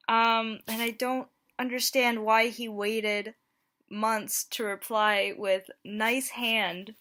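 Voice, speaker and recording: A woman's voice: on the high side, flat delivery, takes it slowly, bright, forceful tone. A young woman in her twenties reading out dating-app messages in a playful, self-mocking vlog. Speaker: YouTuber. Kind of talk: casual vlog commentary. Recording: home mic, plain audio quality.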